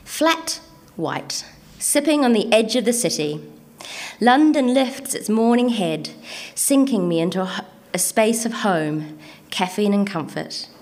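A woman with an Antipodean accent performs her own spoken word poems at a middle pitch. Her delivery is rhythmic and measured, leaning on deliberate pauses. Between pieces she talks loosely and hesitantly. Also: animated, darkish tone. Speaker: poet reading her own work.

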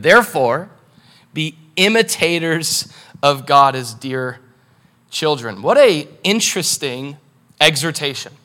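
A male pastor giving a casual, animated sermon, often asking the congregation rhetorical questions. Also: fairly high pitch. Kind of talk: conversational sermon.

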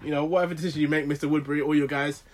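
A man's voice: fairly high pitch, flat delivery, rapid-fire. A man co-hosting a casual banter podcast, emphatic and repeating himself, often breaking into laughter.

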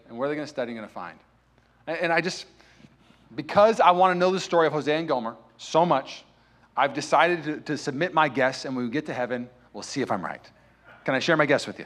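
A man's voice: fairly high pitch, a bit bright. A man preaching a sermon as pastor, telling a story with the characters' dialogue acted out. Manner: storytelling preacher who acts out dialogue and builds to impassioned, raised delivery. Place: church.

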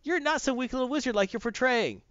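A man's voice: very high-pitched, fast, fairly bright tone, smooth, no room sound, voice pushed up. A man voicing a bold, accusing female magician in a raised voice, recorded dry and muffled.

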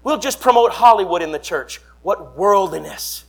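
A young man, preaching a fiery revival sermon and swinging between quiet asides and shouts. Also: lively intonation, normal speed, gravelly. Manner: fiery, shouting, sweeping swings in pitch and volume. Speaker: traveling preacher.

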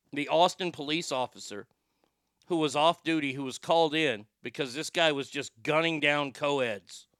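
A man's voice: on the high side, fairly bright tone, clear, resonant tone, no echo, studio quality. A man hosting a show, giving a brash, profane, rambling opinion monologue.

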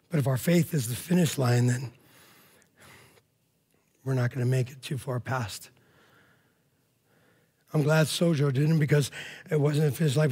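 A man's voice: mid-range voice, darkish tone, slightly rough. A man preaching a sermon in a casual, emphatic way, often checking in with "all right?". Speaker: pastor.

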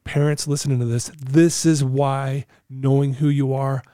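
A slightly slow, warm, level-toned man's voice of mid-range pitch is heard here, recorded in a studio with no room sound. As an interview guest who coaches clients, he tells earnest stories in a conversational way, voicing exchanges with those clients.

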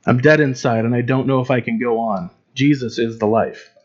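A man's voice: mid-range voice, fairly even intonation, brisk, darkish tone, lo-fi sound. A man preaching in an informal, conversational way, with frequent fillers and restarts. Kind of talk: informal Bible teaching.

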